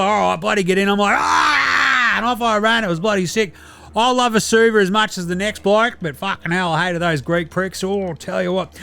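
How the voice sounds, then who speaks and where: A man with an Australian accent voicing a brash, swearing young male basketballer in a comedic phoned-in sketch, loud and laddish. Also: high voice, clean tone.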